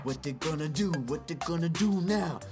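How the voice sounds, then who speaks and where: A man's voice: a little high, moderate pace, music in the background. A man hosting a casual solo podcast, rambling profanely and slipping into sing-song freestyle rap into a podcast mic. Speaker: podcast host.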